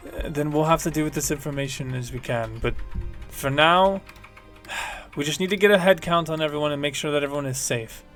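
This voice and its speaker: A man voicing a young woman who calmly takes charge of a crowd in a firm, weary way. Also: a little high, fairly quick, faint music behind, lightly acted. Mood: commanding. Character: calm young woman with platinum hair taking charge.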